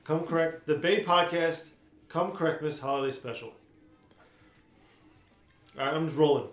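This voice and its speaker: A man's voice: fairly high pitch, normal speed. A man co-hosting and producing a podcast, offhand and profane in casual chat. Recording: roomy echo with loud music.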